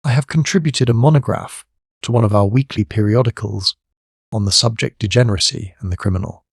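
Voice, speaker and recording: A man voicing a placid American gentleman collector who speaks in a slow, polite drawl with an American accent. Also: fairly low pitch, vocal fry, dry recording, clean studio sound.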